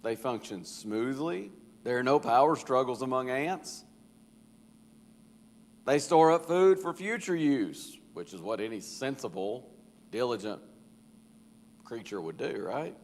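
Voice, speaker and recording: A man's voice: mid-range voice, animated, unhurried, long pauses, a little hiss or hum. A man leading a casual Bible study, folksy and conversational, acting out quotes in a church room. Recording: reverberant church hall.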